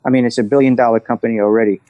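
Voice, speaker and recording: A middle-aged man and coach, speaking as a podcast guest and telling stories in a relaxed way. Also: mid-range voice, very fast, dry recording. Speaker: guest, restaurant executive and coach. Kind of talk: conversational interview.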